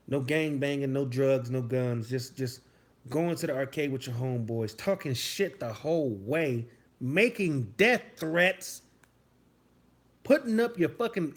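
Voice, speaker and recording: A man in his thirties delivering a loud, profane comedic rant, mock-scolding his chat as a streamer. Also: a little high.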